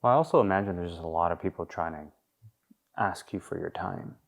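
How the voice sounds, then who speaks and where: Gravelly low-voiced male podcast host. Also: a little fast. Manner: gentle, probing questions with short affirmations. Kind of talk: interview questions.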